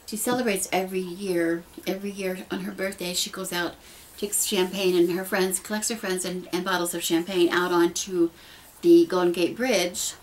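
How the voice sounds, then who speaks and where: A woman's voice: lowish voice, low-quality recording. A middle-aged woman speaking earnestly and casually to her camera, rambling with restarts as she shares heartfelt thoughts. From United States. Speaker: pagan vlogger. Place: dim room at home. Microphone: camera mic.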